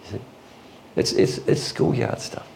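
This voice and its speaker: A man preaching a sermon in a folksy, illustrative way, with quick asides and chuckles. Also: darkish tone, slight background noise. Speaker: pastor.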